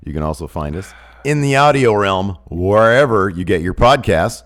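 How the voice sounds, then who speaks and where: A man's voice: fairly low pitch, animated, moderate pace, fairly bright tone. A man co-hosting a podcast in casual chat, sick with a cold, joking and rambling with lots of fillers into a studio mic. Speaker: podcast co-host.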